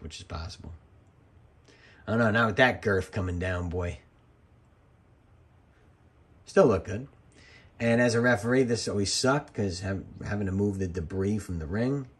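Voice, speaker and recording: A man's voice: fairly low pitch, vocal fry, a bit bright, husky. A man, a former wrestling referee, giving casual, rambling commentary over old match footage and drifting into jokey side stories.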